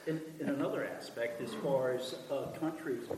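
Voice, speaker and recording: A man's voice: medium pitch, normal speed, darkish tone. A man joining a Christian talk discussion, making emphatic points with rhetorical questions. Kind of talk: faith discussion. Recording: echoey room with faint noise.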